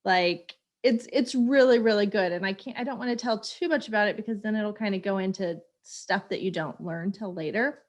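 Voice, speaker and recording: Woman, 30s, podcast co-host; chatty, animated, laughs easily, mid pitch. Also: brisk, hardly any pauses. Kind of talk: casual chat.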